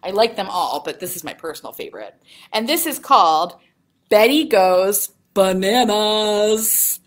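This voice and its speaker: A woman's voice: lowish voice, wildly swooping pitch, fairly quick, a bit bright, breathy edge. A woman, a children's librarian, reading picture books aloud at storytime. She speaks in a sing-song way and asks young listeners questions.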